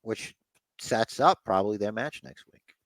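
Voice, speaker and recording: A man's voice: lowish voice, no room sound. A man co-hosting a casual wrestling recap podcast, rambling with fillers and acting out bits. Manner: acts out wrestlers' lines in quick, animated put-on voices. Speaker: podcast co-host.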